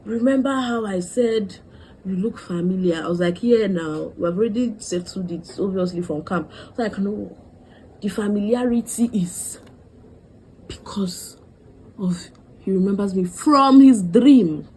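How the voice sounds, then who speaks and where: Young woman, mellow tone, chatty storytelling vlogger; faint noise floor. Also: mid-range voice, a little slow, rough recording. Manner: animated, dramatic quoting of others. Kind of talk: storytime vlog.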